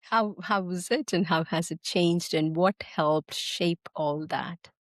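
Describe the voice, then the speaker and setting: Soft-spoken woman interviewer, lower voice. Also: takes it slowly, dry recording. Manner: gentle, backchannels with "mm-hmm". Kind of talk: interview questions.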